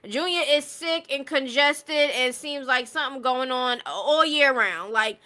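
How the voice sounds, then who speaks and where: A woman's voice: high voice, unhurried, bright, forceful tone. A woman hosting a stream, giving blunt, exasperated gossip commentary straight to her viewers. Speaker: stream host commenting on clips.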